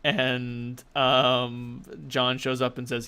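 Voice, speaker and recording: A man runs a tabletop game as its game master. His voice is bright and forward, and he tells the story loosely, rambling with many fillers. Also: medium pitch, a little slow, clear, resonant tone.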